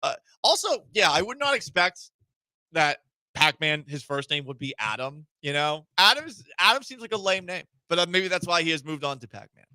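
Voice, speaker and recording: A man's voice: fairly high pitch, very animated, a little fast, sharp tone, no echo. A man hosting a sports talk radio show in a studio, talking casually with a wry, sarcastic edge.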